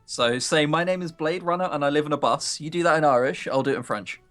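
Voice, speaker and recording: A man's voice: on the high side, fast talker, fairly bright tone, faint music behind. A man streaming a visual novel, chatting casually with a co-player and laughing through teasing banter. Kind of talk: casual live-stream chat.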